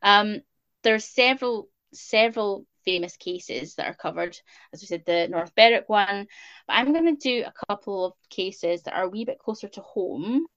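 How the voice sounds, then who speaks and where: A woman's voice: medium pitch, moderate pace, fairly bright tone, no echo, lo-fi sound. A woman with a Scottish accent co-hosting a casual history podcast, chatty with lots of filler words. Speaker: podcast co-host.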